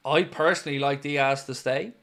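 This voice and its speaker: A man hosts a live football fan stream, giving blunt opinions and reading viewer comments aloud, with plenty of "um" and "look" along the way. He has the hiccups. His mid-range voice is fairly even in intonation and fairly bright, at normal speed.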